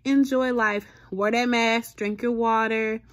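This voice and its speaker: A woman's voice: a little high, fairly even intonation, unhurried, heavy background noise. A young woman, chatting casually to her viewers in a playful, exclamatory vlog. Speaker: vlogger.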